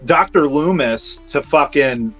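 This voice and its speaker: A man's voice: a little high, animated, slow pace. Hesitant man rambling about a film. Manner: hesitant, rambling with many fillers and restarts. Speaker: podcast co-host. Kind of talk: casual movie review chat. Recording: slightly dull lo-fi audio with faint music.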